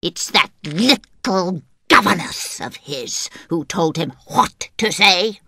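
A man doing a shrill, scornful old lady. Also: expressive, takes it slowly, bright, forceful tone, slightly rough, no room sound, heavily acted. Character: proud, bitter old rich woman. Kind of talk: audiobook character voice.

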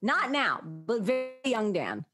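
A woman's voice: fairly high pitch, big pitch swings, measured pace, over music. A woman co-hosting a podcast over a remote call, teasing and laughing a lot in casual chat. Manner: laughs often, loud and teasing. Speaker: podcast co-host.

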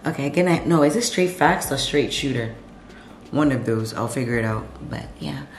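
A woman's voice: rumbling low, expressive, normal speed, slight background noise. A woman vlogging at home in a chatty, sassy way, full of slang, talking to her camera. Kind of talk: casual late-night vlog chat. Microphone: camera set up nearby. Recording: echoey room with music behind.

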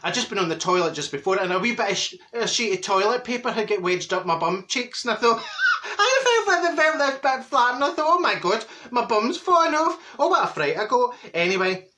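Man doing a cheeky older Glasgow woman, Glaswegian accent, high-pitched, bright and piercing, gossipy storytelling, comic monologue. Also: very animated, fairly quick, few pauses, exaggerated voice. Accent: Glaswegian Scottish. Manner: gossipy storytelling, mimics neighbours, cackles at own jokes.

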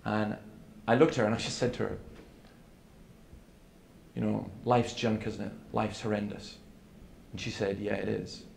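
A man's voice: on the low side, flat delivery, moderate pace, creaky, long pauses. A man giving an earnest seminar talk, telling stories with quoted dialogue. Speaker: preacher. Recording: echoey hall with faint room noise.

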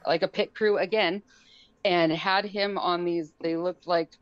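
A woman telling a story on a podcast in a casual way, acting out the quotes in a high, excited voice. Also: a little slow, smooth, dry recording, dull audio. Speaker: guest.

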